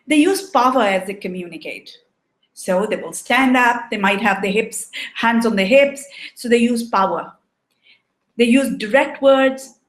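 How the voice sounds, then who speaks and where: A woman coaching on relationships, giving a measured explanatory talk and often checking in with "right?". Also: fairly high pitch. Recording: echoey room.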